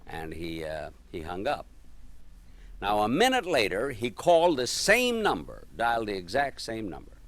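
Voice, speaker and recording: A man with a lowish voice tells a joke as a slow, meandering story. He stumbles through it with plenty of pauses and fillers, and his pitch swings widely from line to line. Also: huge pitch swings, a bit bright, no echo. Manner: halting, hesitant with many fillers. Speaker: comedian.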